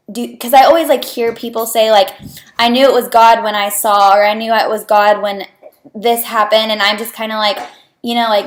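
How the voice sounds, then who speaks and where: A young woman, a student on a clinical rotation, talking earnestly and chattily to her viewers and saying "like" a lot. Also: fairly high pitch. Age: young adult. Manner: chatty, earnest, heavy use of "like". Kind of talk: casual personal vlog. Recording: roomy echo.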